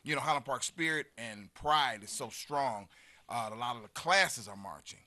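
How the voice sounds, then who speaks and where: A man's voice: mid-range voice, expressive, moderate pace, bright, forceful tone. A man in his fifties chatting as a guest, telling earnest community stories with many fillers. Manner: earnest, storytelling, trails off into fillers. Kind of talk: casual chat.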